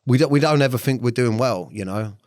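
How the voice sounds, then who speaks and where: A man's voice: mid-range voice, a little fast, a little mellow, no echo, clean studio sound. A man, speaking as a podcast guest in a blunt, frank way, swearing freely and often stopping to restart his sentences. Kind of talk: candid interview talk.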